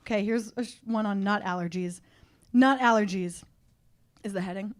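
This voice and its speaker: A woman's voice: medium pitch, normal speed, long pauses. A woman co-hosting a live comedy podcast on stage, rambling and laughing through crude jokes. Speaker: podcast co-host.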